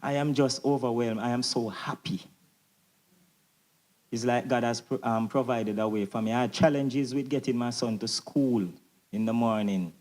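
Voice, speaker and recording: Dad at a parent symposium, super grateful, keeps saying god bless, mid-pitch voice. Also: male voice, moderate pace, a little mellow. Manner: fervent, repeating thanks and blessings. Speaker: parent speaker. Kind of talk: grateful testimonial speech. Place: symposium hall.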